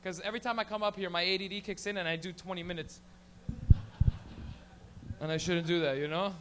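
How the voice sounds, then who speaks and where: A man's voice: high-pitched, steady tone, background noise. A man hosting an open mic comedy night in a small lounge, telling rambling, profane stories on a handheld mic. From Canada. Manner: profane, rambling, rapid storytelling. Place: small lounge venue stage.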